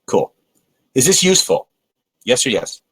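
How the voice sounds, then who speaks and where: This man's medium-pitched, slightly rough voice moves at a normal speed in a low-quality recording without echo. Presenting a persuasion webinar live, he tells lively stories, impersonates the people he quotes, and keeps restarting his sentences with filler words.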